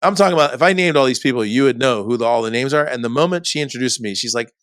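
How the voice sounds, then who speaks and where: A middle-aged man, a podcast guest, telling a personal story in a casual, animated way, full of "like" and "dude". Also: medium pitch, rapid-fire, clear, resonant tone, no room sound, clean studio sound. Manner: animated, chatty, says "dude" and "like" often.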